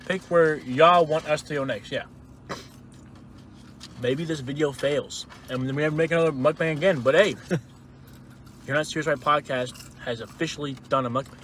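A man's voice: on the high side, moderate pace, long pauses, fairly bright tone, a little hiss or hum. A young man co-hosting a casual food review while eating inside a parked car, blunt and teasing. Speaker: podcast co-host doing a food review.

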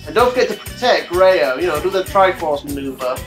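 A man's voice: a little high, animated, a little fast, soft background music, rough recording. A man narrating a game story, then joking crudely with friends while playing. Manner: teasing, crude banter. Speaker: co-op player and narrator. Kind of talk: scripted narration and casual gaming chat.

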